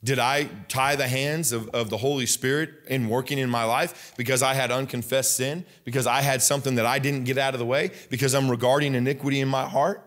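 A man's voice: mid-range voice, steady tone, brisk, few pauses, fairly bright tone. Man preaching with emphatic rising bursts. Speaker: pastor. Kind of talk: sermon. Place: church sanctuary.

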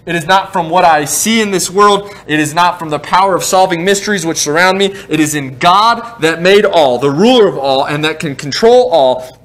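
A male pastor in his thirties preaching a sermon in a church, animated and quick to joke at his own expense. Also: fairly high pitch. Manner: joking, animated, self-deprecating asides. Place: church sanctuary.

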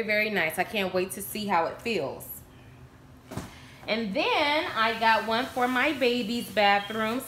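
A woman chatting casually to the camera at home, showing off a shopping haul and getting excitable over bargains while calling her viewers y'all. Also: mid-range voice, echoey room, slight background noise. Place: room at home.

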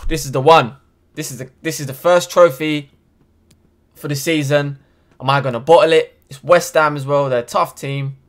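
Excitable young man gaming. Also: fairly high pitch, normal speed. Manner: slangy, swings from muttering to loud shouts at goals. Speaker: gaming YouTuber. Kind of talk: excitable game commentary. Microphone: desk microphone.

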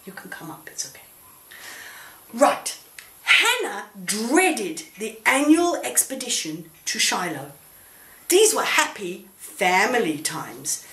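A woman telling a children's Bible story in church, gently coaxing and asking questions of a puppet. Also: mid-range voice. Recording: roomy echo.

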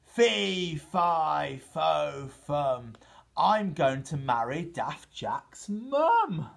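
A man doing a booming hungry giant. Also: big pitch swings, very slow, gravelly, heavily acted. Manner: roaring, grumbling. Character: hungry lonely male giant, big and bellowing.

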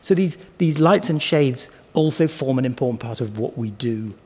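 A man's voice: medium pitch, expressive, normal speed, darkish tone, breathy edge, long reverb tail. A man, a cellist, explaining musical ideas to camera in a thoughtful teaching manner, sometimes speaking words aloud to show their stress. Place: filming space with flickering lights, echoey. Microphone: microphone in front of him.

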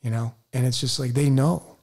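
A man co-hosting a conversational interview, with an average pitch and even delivery. He chimes in often with agreement and tells his own short anecdotes. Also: normal speed. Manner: agreeable, frequent affirmations. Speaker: co-host.

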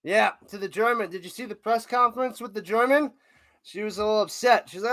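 A man doing casual live play-by-play of a tennis match as a streamer, excitable, humming and chanting between points. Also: sits high, fairly quick, dry recording, clean studio sound.

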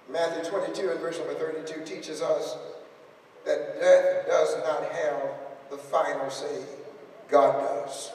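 A man preaching a funeral sermon, building up to shouted, emphatic repetitions. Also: on the high side, slight background noise. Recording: echoey hall, distant mic.

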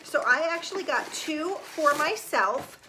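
A woman in her forties chatting enthusiastically at home for her vlog, reviewing clothes she bought, often talking softly. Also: sits high, animated, measured pace, background noise. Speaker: lifestyle vlogger. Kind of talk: casual product review vlog.

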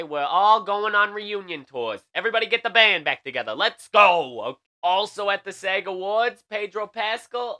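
A man's voice: high voice, pushed and bright. A young man hosting a comedic late-night celebrity news monologue, sassy and campy, tagging his jokes with "okay?".

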